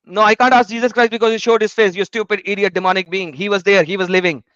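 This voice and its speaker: A man's voice: high-pitched, steady tone, quick pace, a bit bright, dry recording, muffled recording. A man hosting a live debate stream, blunt, mocking and combative.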